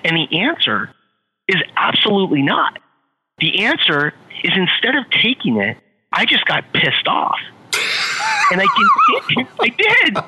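Middle-aged man, interview guest, animated storyteller, husky and very bright, roomy long-reverb sound. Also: high voice, a little slow. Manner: animated, repeats phrases for effect. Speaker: guest, author and entrepreneur.

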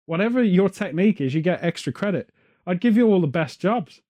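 A man hosts a podcast, chatting casually and drifting from one joke to the next. His voice sits high but sounds warm and mellow rather than sharp. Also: lively intonation, fairly quick. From England. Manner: rambling, joking, off on tangents. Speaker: podcast host. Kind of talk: casual chat. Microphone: headphones on, studio mic.

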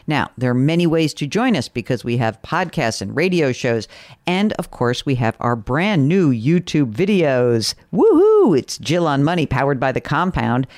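A woman hosting a call-in show, her pitch swinging up and down with lively energy. She talks in a chatty, joking way, recorded dry and close with no room sound. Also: normal speed, no room sound. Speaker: host. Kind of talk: radio call-in chat.

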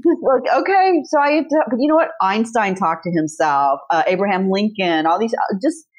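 A woman's voice: mid-range voice, normal speed. A middle-aged woman guest author chatting casually, telling stories with energy and swearing freely. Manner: animated storyteller, swears freely. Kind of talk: casual chat.

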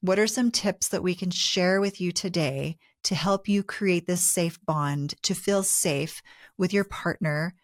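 A woman co-hosting a relationship advice talk show, explaining in a calm, measured way. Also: lowish voice, no room sound, studio quality. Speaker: co-host.

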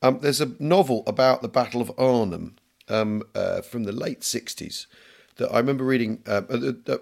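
A man's voice: medium pitch, moderate pace, gravelly. A middle-aged English man co-hosting a history podcast, joking and rambling with lots of fillers and restarts. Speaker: podcast co-host. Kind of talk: casual chat.

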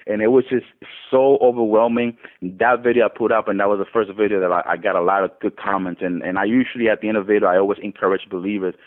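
A man casually telling a faith testimony, often restarting and lifting his voice when quoting others. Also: lowish voice. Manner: animated retelling with many restarts, voice rising when quoting others. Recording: tinny phone-line sound.

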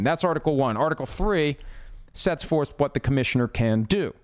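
A man's voice: fairly high pitch, lively intonation, normal speed, no room sound. A man giving blunt, emphatic legal commentary with a sarcastic edge. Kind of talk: opinionated commentary. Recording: dull lo-fi dry audio.

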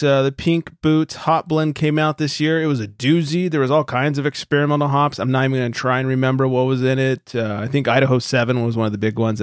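A man's voice: medium pitch, dry recording, clean studio sound. Laughing, goofy man on a podcast. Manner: laughs a lot, goofy and teasing. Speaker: podcast co-host. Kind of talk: casual chat.

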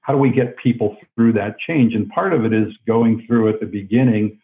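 A man being interviewed as a guest author, explaining in a calm, reflective way. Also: fairly low pitch, moderate pace. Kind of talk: interview on a call-in line. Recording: tinny phone line.

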